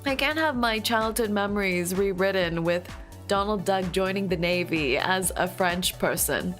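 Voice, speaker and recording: A woman's voice: mid-range voice, moderate pace, fairly bright tone, faint music behind. A woman streamer chatting casually with her viewers, playful and giggly, breaking into squealing outbursts now and then.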